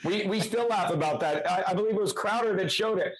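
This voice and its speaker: Brash high-voiced podcast cohost. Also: male voice, quick pace, rough recording. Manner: profane, brash, mocking. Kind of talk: casual podcast banter.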